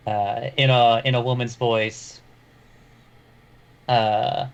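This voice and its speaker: A man's voice: mid-range voice, flat delivery, drawn-out words, vocal fry, dull audio. A man playing a tabletop game, talking hesitantly with many fillers. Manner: hesitant, lots of fillers and restarts. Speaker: player. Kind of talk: casual tabletop play.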